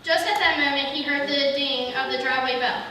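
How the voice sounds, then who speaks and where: A woman's voice: high voice, brisk. A woman reading a Christmas story aloud in a church, with small slips she corrects as she goes. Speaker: reader. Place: church sanctuary. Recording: echoey hall from far off, faint hiss.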